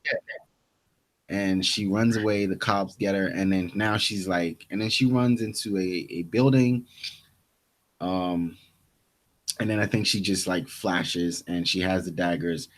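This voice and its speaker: A young man with a fairly low voice recaps a TV episode in loose podcast chat. He restarts his sentences often and slips into the characters' lines as he goes. The tone stays casual and conversational. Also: steady tone, unhurried. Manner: retelling scenes with quoted lines, restarts. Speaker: podcast co-host.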